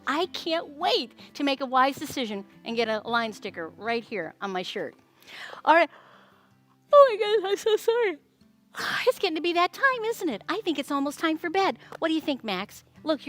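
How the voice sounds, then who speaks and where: Woman, high voice, sing-song children's storyteller, animated, faint music behind. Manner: animated, sing-song, talking to young kids. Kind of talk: Bible story time for children.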